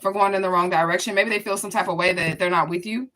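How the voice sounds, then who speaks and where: A woman's voice: on the low side, steady tone, fast talker, fairly bright tone. A woman giving a casual spiritual reading to her viewers, blunt and profane, talking straight to them. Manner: blunt, profane, chatty, addresses viewers directly. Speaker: spiritual reader.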